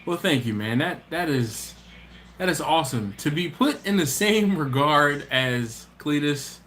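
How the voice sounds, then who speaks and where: Easygoing guy chatting on his live stream, laughs a lot, kinda higher voice. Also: lively intonation, measured pace, fairly bright tone, a little hiss or hum. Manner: laid-back and chatty, laughs often, trails off and restarts. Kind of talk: casual live-stream chat, reading viewer comments.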